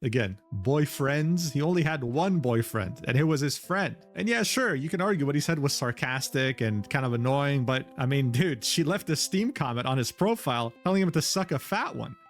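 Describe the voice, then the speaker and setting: A man narrating a commentary video in a measured, dryly critical way. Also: mid-range voice, animated, faint music behind. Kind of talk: scripted narration.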